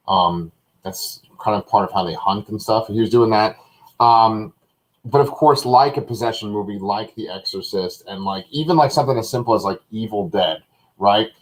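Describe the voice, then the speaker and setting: A man's voice: fairly low pitch, rough recording. A man co-hosting a live review, talking casually and thinking aloud with many fillers and hedges. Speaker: co-host of a live review show.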